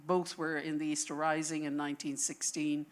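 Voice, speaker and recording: A woman speaking on a panel, telling a history as a story in an animated, thinking-aloud way. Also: deep voice, moderate pace. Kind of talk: conversational panel talk. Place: lecture panel before an audience.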